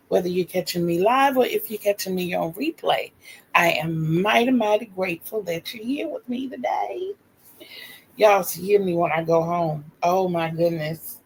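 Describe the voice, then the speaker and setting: A woman's voice: medium pitch, gravelly, slight background noise, rough recording. An older woman in her sixties from North Carolina with a Southern accent, chatting casually and homey on her livestream as host.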